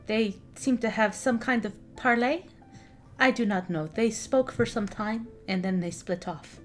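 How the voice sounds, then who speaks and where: A woman's voice: fairly high pitch, unhurried, soft background music, lightly acted. A woman voicing a weary, wary peasant woman who has been spying, in a tabletop game. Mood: cautious.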